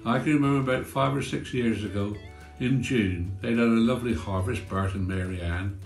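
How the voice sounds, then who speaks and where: A man's voice: fairly low pitch, brisk. A man, telling comic village stories in a chatty, folksy way. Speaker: storyteller. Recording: roomy with faint guitar.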